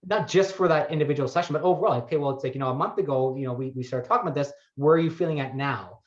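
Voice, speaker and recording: A man who works as a wellness coach speaks thoughtfully in a conversational interview, searching for words as he goes. His voice is on the high side and very fast, with muffled lo-fi audio.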